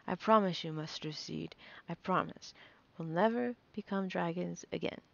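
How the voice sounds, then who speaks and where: A woman reading the lines of a frightened, grieving young girl, pitching her voice up to plead. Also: normal speed, gravelly, dull audio.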